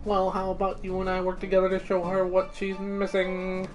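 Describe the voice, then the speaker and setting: Cheerful beeping robot chef, higher than the reader's own voice, put on by a let's-play streamer. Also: completely flat delivery, moderate pace, soft background music, close to an everyday voice. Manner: sprinkles beeps and boops into speech. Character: upbeat robot chef, cheerful, proud of his cooking. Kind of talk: reading game dialogue aloud.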